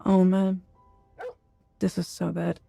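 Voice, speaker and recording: Gravelly, dark-voiced woman streamer. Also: little pitch movement, slow, soft background music. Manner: low-key, wry, exasperated. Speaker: game streamer. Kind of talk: casual live-stream commentary.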